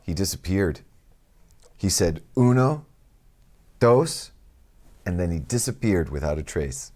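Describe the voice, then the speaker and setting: Deep-voiced joking male podcast co-host. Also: normal speed. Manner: jokey, animated, breaks into put-on voices and laughs. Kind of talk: casual banter.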